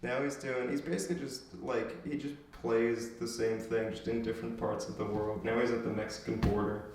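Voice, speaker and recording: A man's voice: mid-range voice, steady tone, fairly quick, darkish tone. Sarcastic man in an echoey room. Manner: dry sarcastic asides. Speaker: podcast co-host. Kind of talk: casual film review chat.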